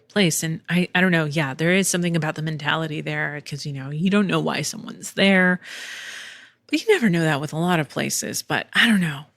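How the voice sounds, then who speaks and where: A woman's voice: lowish voice, a bit bright, dry recording. Candid, chatty woman podcast host. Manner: candid, chatty, laughs often, swears casually. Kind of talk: casual storytelling monologue. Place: home in Texas.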